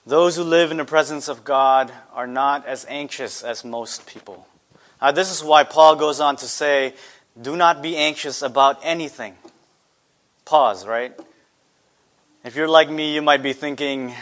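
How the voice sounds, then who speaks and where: A man's voice: on the high side, unhurried, fairly bright tone. A man preaching a sermon earnestly, asking his listeners rhetorical questions. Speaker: pastor.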